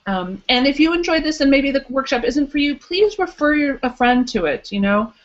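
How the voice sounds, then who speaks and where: A woman's voice: high voice, lively intonation, normal speed, muffled recording. A woman coach hosting a live online workshop, chatty and playful, with lots of "um" and "like", in casual encouraging webinar Q&A. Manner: chatty, playful, says "um" and "like" often.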